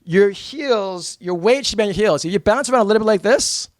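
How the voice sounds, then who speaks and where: Energetic high-voiced American man speaking. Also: brisk, dry recording. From New York. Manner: energetic, blunt and emphatic, with mock voices. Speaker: motivational speaker. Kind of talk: live seminar talk to an audience.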